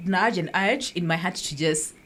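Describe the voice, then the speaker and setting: A woman telling a personal story in a casual podcast chat, animated and laughing easily, mixing in slang. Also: on the low side, normal speed. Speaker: podcast co-host.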